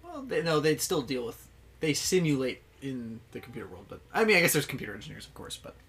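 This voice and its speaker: A man's voice: medium pitch, big pitch swings, fast, a bit bright, breathy edge. A man who is a guest on a podcast, talking in a laid-back, hesitant and wry way. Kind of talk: casual chat.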